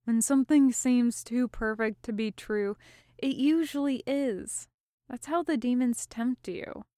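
An earnest, haunted young mage who speaks slowly and reflectively, as a woman reads him aloud. His voice is smooth and slightly high, and the recording is close and dry. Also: mellow, no room sound, lightly acted. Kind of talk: fan audiobook reading.

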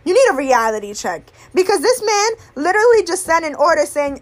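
Young woman, high voice, impassioned monologue, raw and outspoken. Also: big pitch swings, fairly quick. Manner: blunt, heated and profane, swinging between anger and weary sorrow.

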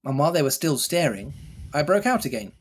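A man reads a novel aloud with animated narration and joins in the chat around it. His voice is husky and breathy and sits a little high. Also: brisk. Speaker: reader and co-host. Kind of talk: reading a novel aloud and chatting.

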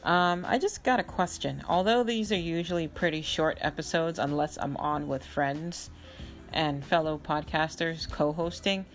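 Female podcast host, deep-pitched, informal solo chat with listeners. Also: normal speed, soft background music. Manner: chatty, informal, trailing fillers.

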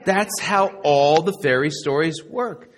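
A middle-aged man preaching a sermon to a live congregation, sarcastic and animated, now and then mocking other people's voices. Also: fairly high pitch, unhurried. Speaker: pastor.

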